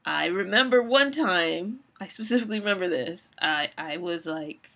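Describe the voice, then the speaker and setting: A woman's voice: fairly low pitch, expressive, moderate pace, creaky, pushed and bright. A woman in her forties, talking candidly and rambling with frequent restarts as she hosts her own live stream. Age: 40s.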